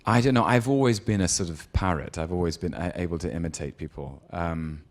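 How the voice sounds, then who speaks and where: Low-voiced man musing with many ums. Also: fairly quick. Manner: thoughtful, hesitant with ums, laughs easily. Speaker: actor, interview guest. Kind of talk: relaxed anecdote and advice in an on-stage interview.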